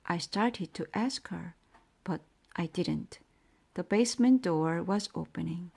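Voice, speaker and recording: A woman narrating a bedtime story in a clear, storytelling manner. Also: lowish voice, slow, a little mellow.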